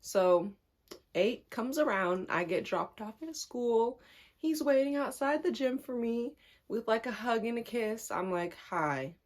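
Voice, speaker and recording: A young woman telling a personal story in casual chat, animated and laughing often, her pitch jumping up when amused. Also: a little slow.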